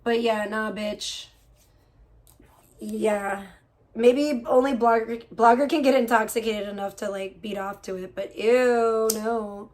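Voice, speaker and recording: A woman's voice: on the high side, fairly even intonation, takes it slowly, darkish tone. A woman livestreamer in casual talk, profane and gossipy, venting at length about other streamers.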